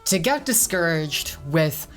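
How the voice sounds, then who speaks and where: A woman's voice: lowish voice, sing-song, slow, soft background music. Candid woman vlogging to camera. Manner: candid, reflective and chatty. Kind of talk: casual talk to camera.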